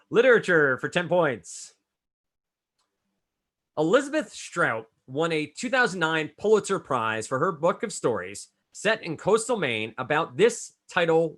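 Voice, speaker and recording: Male quiz host, slightly high, very animated delivery, brisk and chatty. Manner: brisk, chatty, calls on players by name. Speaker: trivia quizmaster. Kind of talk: reading trivia clues and scoring answers.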